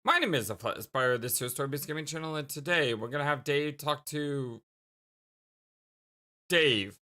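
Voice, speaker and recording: Casual, giggly male let's play host, laughs a lot, animated delivery. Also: fairly high pitch, moderate pace. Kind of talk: game let's play commentary.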